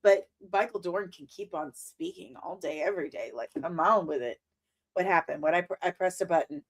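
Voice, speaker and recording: A woman in her forties hosting a casual reaction to a trailer, animated and exclamatory with mock outrage. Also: lowish voice, moderate pace. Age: 40s.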